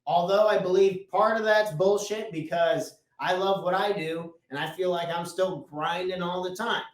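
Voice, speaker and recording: Male business coach, bright higher voice, casual motivational delivery with mild swearing, recorded from a distance. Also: fairly even intonation, normal speed. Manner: repeats key points for emphasis. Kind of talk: motivational talk to camera. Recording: echoey room, mic at a distance.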